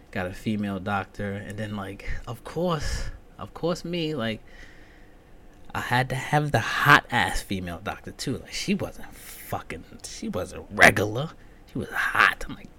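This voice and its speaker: A man hosting a solo comedy podcast, ranting profanely and swinging from loud outbursts to muttered whispered asides. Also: lowish voice, slight background noise. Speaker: podcast host.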